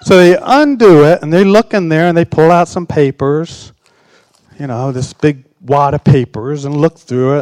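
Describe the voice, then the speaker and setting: A man's voice: medium pitch, a little mellow, no echo. A man in his sixties preaching a sermon, telling a personal story in a wry, sarcastic way. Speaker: pastor.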